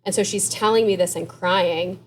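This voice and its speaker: A woman's voice: lowish voice, steady tone, slight background noise. Earnest woman therapist as podcast guest. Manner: earnest, open, quick asides with light laughs. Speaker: therapist and author. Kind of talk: interview guest, candid conversational storytelling.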